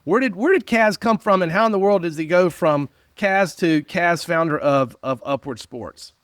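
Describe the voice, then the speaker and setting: A man hosting an interview podcast in his studio, speaking in an unusually high register. He is upbeat and teases his guest in a friendly way. The sound is close and dry, with no room echo at all. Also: animated, moderate pace, a bit bright. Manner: upbeat, playful teasing. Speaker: podcast host. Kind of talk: casual interview chat. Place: home studio.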